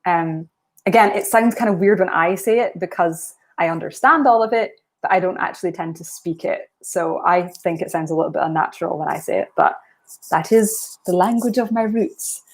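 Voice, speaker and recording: A young Scottish woman with a lowish voice talks to her stream in a loose, rambling way. She fills her sentences with ums and likes and wanders from one thought to the next. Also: normal speed. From Aberdeen, Scotland. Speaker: writing livestream host. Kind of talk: casual live-stream chat.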